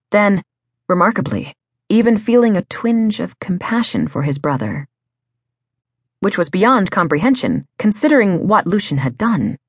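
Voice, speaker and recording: A woman reads a novel as an audiobook, in a dramatic, measured way. Her voice is low and husky. The recording is dry and close, with no room sound. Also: dry recording. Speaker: audiobook narrator. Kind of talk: scripted audiobook narration.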